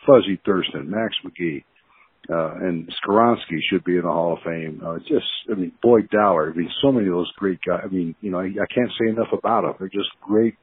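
An older man who once played football tells rambling stories in an interview, full of fillers and chuckling as he remembers. His voice is low and husky with no echo, heard over a tinny phone line.

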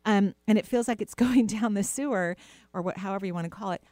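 A middle-aged woman hosts a call-in advice show, talking softly and reassuringly with playful, chatty asides. Her voice sits at a medium pitch and is recorded close and dry, with no room sound. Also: fast talker, no echo. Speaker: radio show host, intuitive healer. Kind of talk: casual advice talk to a caller.

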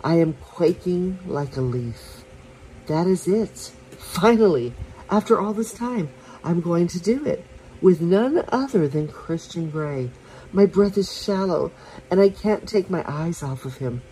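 Low, slow-reading woman storyteller. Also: expressive, slight background noise, poor audio. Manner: soft, unhurried reading with small slips and restarts. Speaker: podcast storyteller. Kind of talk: reading a romance novel aloud.

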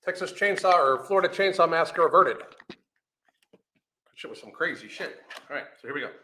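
A man's voice: fairly high pitch, animated, a little fast, bright, forceful tone, slight background noise. A man hosting reaction commentary, ranting bluntly and swearing often. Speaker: commentary host.

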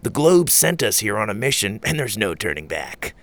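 A man's voice: on the low side, sing-song, normal speed, a bit bright, no room sound. A man voicing an impulsive, cheeky boy in a children's story, blurting out lines breezily. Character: goofy, impulsive young boy, a twin. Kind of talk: storybook character reading.

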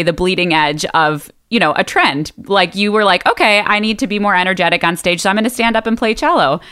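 Woman podcast cohost, bit low but bright sounding, recapping. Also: smooth. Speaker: podcast co-host. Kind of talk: casual chat.

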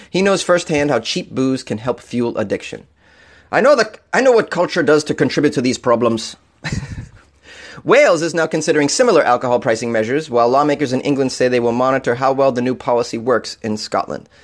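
A man's voice: medium pitch, expressive, fairly quick. A man hosting an odd-news show, reading stories aloud and riffing on them with sarcastic, profane jokes and frequent laughter.

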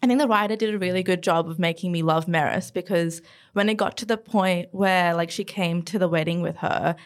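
A woman in a casual book club discussion, agreeable and quick to laugh. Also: fairly low pitch.

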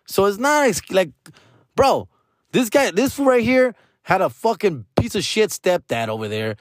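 A man tells a story in loose, profane slang, switching into Spanish at times. His voice sits a little high and he sounds earnest, almost pleading. The recording is close and dry, with no room sound. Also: no echo. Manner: earnest, pleading, repeats street address terms. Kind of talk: casual storytelling.

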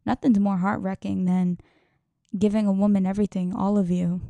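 A woman's voice: mid-range voice, flat delivery, normal speed, gravelly, warm tone, no room sound. A young woman hosting a podcast, talking in a rambling, emotional way, swearing and laughing often. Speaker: podcast host. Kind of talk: casual podcast monologue.

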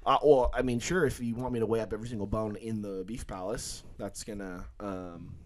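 A young man co-hosting a podcast, chatting loosely and swearing through animated banter. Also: fairly low pitch, brisk, a little hiss or hum. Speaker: podcast co-host. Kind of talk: casual chat.

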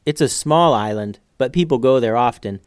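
A man's voice: mid-range voice, moderate pace, clear, resonant tone, dry recording, studio quality, lightly acted. A man voicing a cheerful young ninja in a storybook who loves telling puns. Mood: calm. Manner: upbeat, joking.

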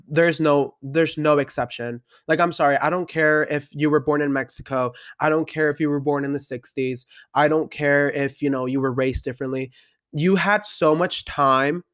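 A man's voice: on the high side, fairly even intonation, brisk, few pauses, a bit bright, no room sound, clean studio sound. A nineteen-year-old man speaking candidly in a personal confessional monologue, full of fillers and blunt statements. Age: young adult. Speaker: podcast host.

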